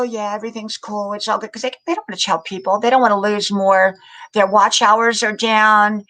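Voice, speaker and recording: Chatty grandma hosting a livestream. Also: female voice, medium pitch, a bit bright, poor audio. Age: older. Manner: chatty, greets viewers by name, repeats words. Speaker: livestream host. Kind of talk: casual live-stream chat.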